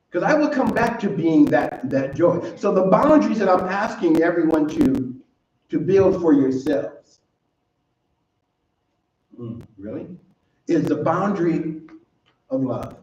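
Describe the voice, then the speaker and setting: A man delivers a sermon in a slightly high voice, earnest and quick to laugh, doubling back on his phrases for emphasis. He sounds far from the mic, with a roomy echo and a somewhat dull tone. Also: dark tone, a little hiss or hum. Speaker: minister. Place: church sanctuary.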